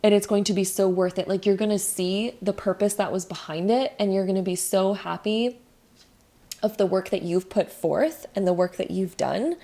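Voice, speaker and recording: Mellow-voiced woman giving a card reading. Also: mid-range voice, normal speed. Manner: gentle, rambling, many "like" fillers. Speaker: tarot card reader. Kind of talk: casual spiritual card reading.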